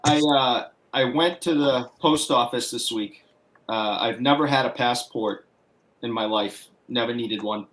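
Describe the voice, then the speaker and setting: A man's voice: mid-range voice, unhurried, fairly bright tone. Male guest, Boston accent, meandering storyteller, casual livestream chat. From Massachusetts. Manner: rambling anecdotal storytelling with restarts.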